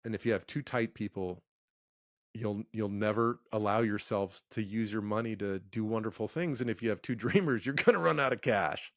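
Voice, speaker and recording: A man's voice: lowish voice, moderate pace, no echo, clean studio sound. A middle-aged man who is a comedian and author, speaking as a guest in a casual interview, thoughtful, with stammered restarts and wry asides.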